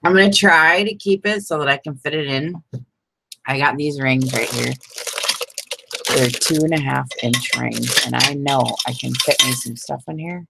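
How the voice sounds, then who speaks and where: With a gravelly bass voice, a woman vlogs about crafting, making envelopes while laughing frequently and speaking to her viewers by name in a casual way. Background noise can be heard.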